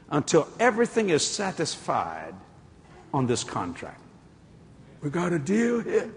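A male preacher giving a sermon, telling stories with acted-out dialogue and breaking into shouts. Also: fairly high pitch, big-room sound, slight background noise. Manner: animated storytelling, acting out dialogue, jumping to shouts.

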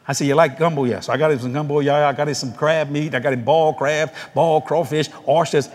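This preacher's fairly high voice runs a little fast and trails off into a long reverb tail. He's an animated storyteller, laughing through his sermon and imitating the voices of others.

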